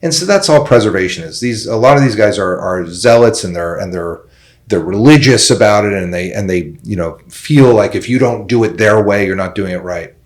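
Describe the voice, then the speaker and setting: A man's voice: lowish voice, a little fast. A middle-aged man, a plastic surgeon guest, talking bluntly and with feeling in a casual podcast conversation. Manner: blunt, animated, opinionated.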